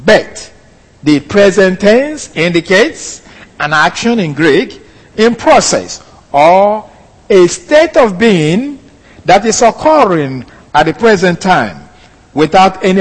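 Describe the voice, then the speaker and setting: A man preaching an expository sermon, teaching slowly with pauses and fillers. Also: high voice, big pitch swings, long reverb tail, rough recording.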